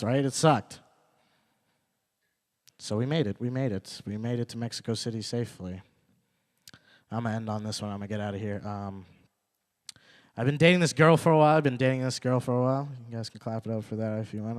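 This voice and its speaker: A young man performing a stand-up set at an open mic, repeating his punchlines and working up to loud, indignant rants. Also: mid-range voice. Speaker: stand-up comedian. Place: open mic comedy night venue.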